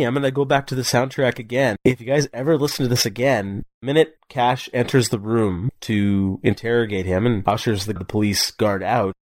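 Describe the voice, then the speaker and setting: A man co-hosting a podcast in relaxed conversation, with a voice of ordinary middle pitch. He steers the talk, chats easily and breaks into laughter often. The sound is dry and close, with no room around it. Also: no room sound. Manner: chatty, laughs often, leads the discussion. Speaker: podcast co-host. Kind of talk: casual chat.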